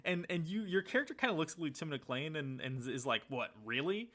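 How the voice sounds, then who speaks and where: A man's voice: on the high side, expressive, quick pace, fairly bright tone. A man co-hosting a casual podcast, telling a story in a rambling way and acting out the lines he quotes. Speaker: podcast co-host. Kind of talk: casual chat.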